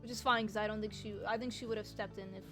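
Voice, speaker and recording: A woman's voice: medium pitch, fairly even intonation, fast talker, music in the background. Chatty woman streamer swearing casually. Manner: chatty, swears, talks to chat.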